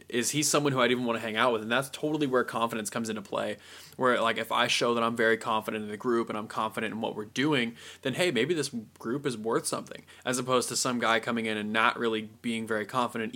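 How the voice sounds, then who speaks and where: Young man in easygoing chat. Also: medium pitch. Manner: animated, acts out scenes in quick voices. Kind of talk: casual chat.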